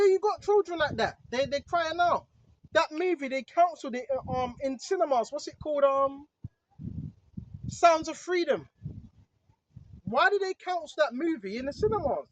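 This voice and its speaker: A speaker preaching informally, emphatic and repetitive, checking in with the listener again and again. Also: high voice. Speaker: online preacher. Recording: dull lo-fi recording.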